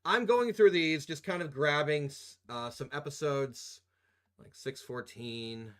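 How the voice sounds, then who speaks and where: A man's voice: fairly high pitch, takes it slowly. A young man live-streaming as he edits video, chatting casually with his viewers in a rambling, profane, joking way and often laughing.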